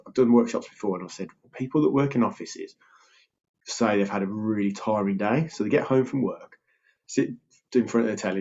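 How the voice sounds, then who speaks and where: A man's voice: on the low side, highs cut off. A man, a health coach talking casually and breezily to camera, full of fillers and acted-out quotes. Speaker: health and weight loss coach.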